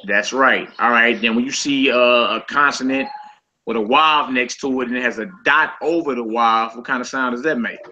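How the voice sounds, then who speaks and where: A man teaching a casual group Hebrew lesson over a voice call, quizzing his students in a relaxed, conversational way. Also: mid-range voice, normal speed, muffled recording.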